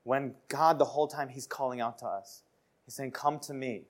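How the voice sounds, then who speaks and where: A man's voice: mid-range voice, steady tone, normal speed. A man preaching a sermon in an earnest, conversational way, repeating phrases and restarting sentences.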